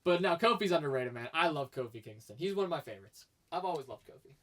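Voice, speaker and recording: A man's voice: a little high, animated, fast, a little hiss or hum. A man co-hosting a casual podcast chat, opinionated and rambling, laughing often as he talks. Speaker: podcast co-host.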